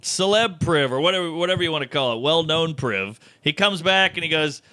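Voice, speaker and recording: A man's voice: fairly high pitch, fairly quick, no echo, clean studio sound. A male comedian telling a story on a podcast, acting out the people in it. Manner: animated storyteller acting out quoted voices.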